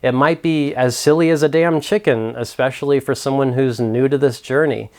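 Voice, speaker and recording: A man's voice: medium pitch, steady tone, moderate pace, a little mellow. A man hosting a mental health video, narrating a story and reflecting earnestly in a scripted delivery.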